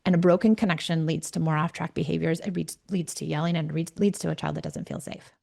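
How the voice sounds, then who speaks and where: A woman's voice: low voice, steady tone, quick pace, creaky, warm tone. A middle-aged woman hosting a parenting podcast, talking earnestly and directly and sometimes restarting her words. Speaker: parenting coach and podcast host. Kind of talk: solo podcast talk.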